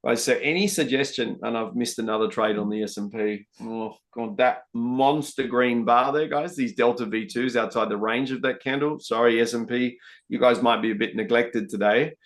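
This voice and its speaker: A man's voice: mid-range voice, fairly even intonation, moderate pace. A man hosting a live trading session, chatting casually to viewers and calling them guys and mate. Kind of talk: live-stream trading commentary.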